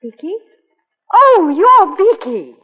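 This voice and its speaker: An earnest, high-voiced young wife. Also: female voice, big pitch swings, slow pace, a bit bright, exaggerated voice. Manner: earnest, heartfelt, scolding tenderly. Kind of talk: 1940s radio acting. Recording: tinny old radio broadcast with reverb.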